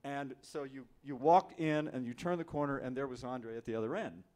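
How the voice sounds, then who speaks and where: A man telling a lively anecdote as an actor on a convention panel, speaking into a handheld mic. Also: mid-range voice, a little fast. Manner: lively, animated storyteller. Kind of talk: storytelling anecdote. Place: convention hall.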